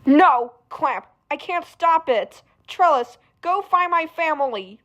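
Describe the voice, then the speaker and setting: A woman reading a graphic novel aloud, doing the characters' voices and shouting the sound effects. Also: sits high, expressive, takes it slowly. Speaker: fan reader.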